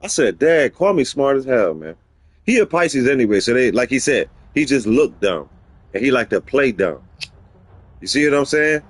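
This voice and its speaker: A middle-aged man hosts a gaming livestream in casual street slang, rambling, opinionated, and repeating himself for emphasis. He speaks at a moderate pace with a breathy edge, slipping into animated high-pitched voices when quoting others, and the recording is dry.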